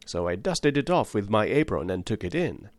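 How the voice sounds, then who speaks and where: A man narrating an audiobook in the first person with expressive, scripted storytelling. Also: fairly low pitch, moderate pace, no room sound.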